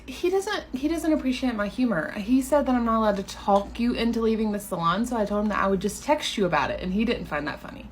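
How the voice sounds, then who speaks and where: A woman's voice: a little high, animated, fast talker, hardly any pauses, a little hiss or hum. A young woman performing a comedy sketch as a sarcastic, sassy salon worker. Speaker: comedy skit creator. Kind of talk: comedy sketch about workplace.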